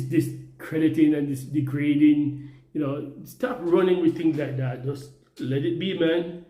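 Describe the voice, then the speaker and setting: A man's voice: a little high, mellow. A Jamaican man vlogging at home while cooking, rambling and exasperated, repeating himself as he talks. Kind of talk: casual vlog while cooking. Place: home kitchen. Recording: echoey room.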